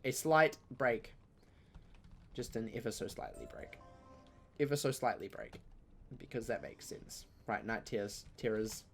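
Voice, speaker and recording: A young man, chatting casually through a live-streamed game, joking and breaking into loud outcries. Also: medium pitch. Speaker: gaming streamer.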